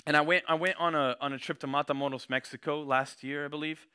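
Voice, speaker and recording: A man's voice: fairly high pitch, fairly even intonation, quick pace, pushed and bright, clean tone. A young man giving a casual sermon, slangy and conversational, reading scripture with rising intensity.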